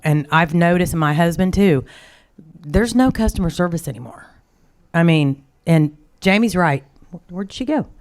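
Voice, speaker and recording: A woman from Oklahoma speaking up at an open-forum conference, telling rambling stories from her working life. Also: sits low. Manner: rambling, storytelling, acts out quoted greetings. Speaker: audience member at a symposium.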